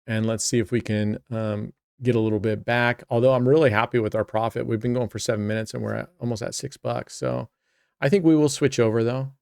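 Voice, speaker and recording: Chatty male host, smooth voice, dry close sound, casual roulette play-by-play. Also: medium pitch, steady tone, a little fast, darkish tone, no room sound. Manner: chatty, talks to himself and viewers.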